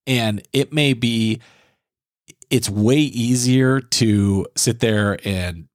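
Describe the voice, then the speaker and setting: A man co-hosting a podcast, telling work stories in a relaxed, earnest conversational way. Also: medium pitch, drawn-out words, no echo, studio quality. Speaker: podcast co-host.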